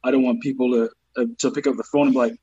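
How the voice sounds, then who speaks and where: A man with a Southern US accent, a comedian guest on a podcast, telling stories in an animated, profane way. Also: medium pitch, very fast, slightly rough, lo-fi sound. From Southern United States. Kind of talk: casual podcast chat.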